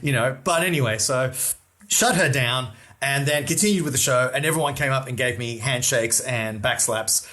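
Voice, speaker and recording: A man co-hosting a comedy podcast, telling a story in a lively way and casually swearing. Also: mid-range voice, normal speed. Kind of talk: casual chat, anecdote telling.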